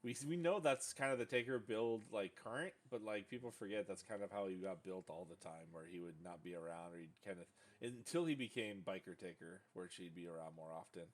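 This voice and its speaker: A man's voice: low-pitched, a little fast. A man hosting a casual podcast, bantering loosely with jokes, swearing and mocking impressions. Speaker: podcast host.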